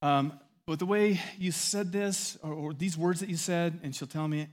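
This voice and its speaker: A middle-aged man preaching a sermon with animated delivery, acting out quotes and swelling loud at key points. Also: fairly high pitch, moderate pace. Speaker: pastor.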